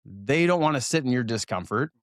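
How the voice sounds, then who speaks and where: A man's voice: mid-range voice, expressive, fairly quick, no room sound. Man in his forties, interview guest, self-deprecating storyteller, chuckles often, dry close mic. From Oregon, US. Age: 40s. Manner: self-deprecating, laughs while telling stories.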